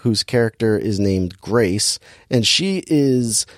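A man's voice: lowish voice, lively intonation, slow, no room sound. A man recapping a movie in casual chat, rambling and joking as he acts out the scenes.

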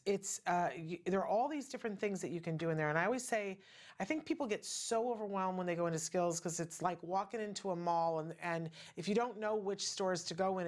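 A middle-aged woman hosting a show, talking in a chatty, earnest way with many asides. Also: medium pitch. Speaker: podcast host. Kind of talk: casual personal talk show monologue.

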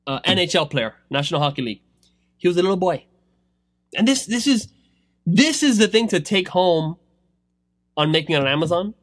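Animated man giving rambling pep talk. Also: dry recording, studio quality. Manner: animated, swings between loud pushes and low asides; rambling, filler-heavy. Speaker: online seller coaching others. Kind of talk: motivational talk to camera.

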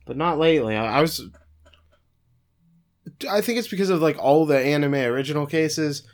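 A man co-hosting a podcast, giving a steady plot summary of an anime episode with occasional fillers. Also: on the high side, moderate pace. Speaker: podcast co-host recapping an anime. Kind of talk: casual episode recap.

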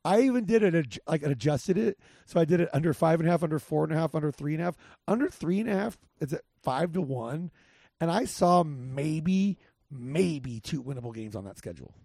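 A man's voice: fairly high pitch, lively intonation, normal speed, vocal fry, dark tone, breathy edge, no room sound, studio quality. A man hosting a podcast, rambling casually through game picks with lots of restarts and filler. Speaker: podcast host. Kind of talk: casual sports betting chat.

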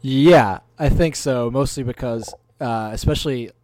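A man's voice: mid-range voice, unhurried, a little mellow, no room sound. Rambling man, dry close sound. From North Carolina. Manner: rambling, storytelling, hedging. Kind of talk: casual chat.

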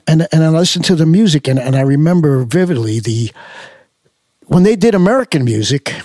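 A man's voice: mid-range voice, a little mellow, slightly rough, dry recording, clean studio sound. An older man, a musician being interviewed, telling stories in a loose, rambling way with many fillers and restarts. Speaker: musician guest. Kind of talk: casual storytelling interview.

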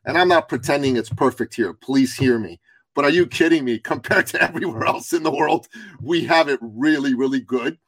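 A man's voice: medium pitch, fairly quick, fairly bright tone, husky, no room sound, rough recording. A middle-aged man from Iran, a guest on a podcast who tells his story with passion and emphasis. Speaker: guest, business coach. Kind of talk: podcast interview.

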